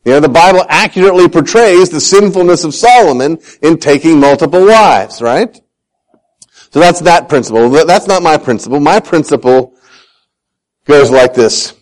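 On a rough recording, a man with a voice on the high side preaches at a moderate pace. He tells Bible stories with self-deprecating humor and animatedly acts out the voices he quotes.

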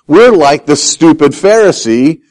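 With an unhurried delivery and a voice on the high side, a man preaches through poor audio. He brings Bible stories to life by acting out the quoted voices, adding self-deprecating humor along the way.

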